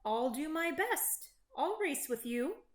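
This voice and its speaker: A woman's voice: high-pitched, sing-song, slow, exaggerated voice. Woman voicing a kind little storybook truck. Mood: gentle. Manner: gentle, friendly, encouraging. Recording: roomy echo.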